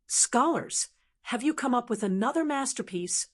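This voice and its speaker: A woman's voice: medium pitch, expressive, measured pace, natural voice. A woman voicing a poised young female court official, in an audiobook reading. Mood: gracious. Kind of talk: audiobook narration.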